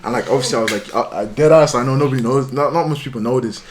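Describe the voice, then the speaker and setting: A man's voice: mid-range voice, rapid-fire. A young man from Ireland, telling a story casually as a podcast guest, full of fillers and restarts. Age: young adult. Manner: rambling, many fillers and restarts, acts out quoted voices. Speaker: guest musician.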